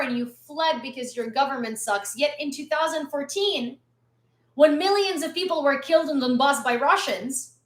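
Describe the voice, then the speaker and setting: A woman's voice: high voice, a bit bright, echoey room. A woman from Ukraine delivering a blunt, angry, sarcastic opinion rant to her followers. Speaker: vlogger.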